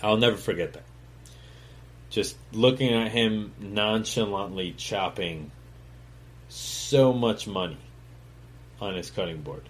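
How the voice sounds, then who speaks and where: In a slow, low-leaning voice with long pauses, a man tells his life story on his own talk show. The monologue is casual and meandering, packed with fillers and profanity; he imitates others' voices in quoted dialogue and drops to a mumble on asides.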